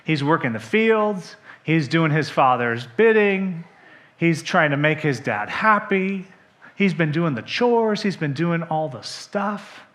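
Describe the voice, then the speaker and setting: A male pastor with a fairly high voice preaches slowly, telling the story with animation and acting out the characters' lines. He puts direct questions to the congregation.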